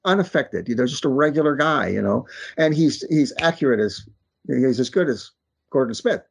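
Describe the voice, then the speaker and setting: A man's voice: medium pitch, animated, normal speed, gravelly, breathy edge. A man, a paranormal researcher and guest, arguing his point earnestly in casual conversation.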